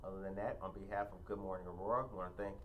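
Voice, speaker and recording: A man hosting a podcast in casual conversation, chiming in with quick affirmations. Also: deep voice, a little hiss or hum, low-quality recording. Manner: relaxed, quick affirmations and laughter. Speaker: podcast host.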